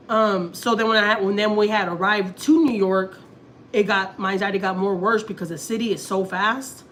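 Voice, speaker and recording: A Houston woman in her thirties chats casually on a livestream, telling a rambling personal story. She acts out her own lines and her husband's as she goes, with a faint background hum. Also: mid-range voice. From Houston, Texas. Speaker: family vlogger on a livestream.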